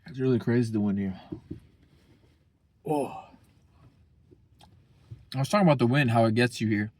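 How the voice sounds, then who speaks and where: A man's voice: mid-range voice, moderate pace, darkish tone. A young man talking casually as a vlogger, rambling and profane, full of slang. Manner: slangy, profane, rambling, keeps saying bro.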